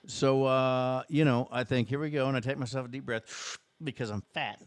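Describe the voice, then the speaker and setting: A man's voice: mid-range voice, fairly quick, few pauses, no room sound. Man, Southern Indiana accent, profane rambling storyteller, dry close mic. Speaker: podcast co-host. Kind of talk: casual storytelling.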